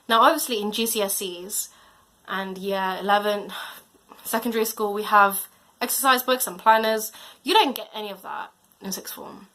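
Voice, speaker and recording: A woman's voice: fairly high pitch, bright, forceful tone. A teenage girl giving casual advice as a student vlogger, chatty and slangy, her volume drifting up and down. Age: late teens.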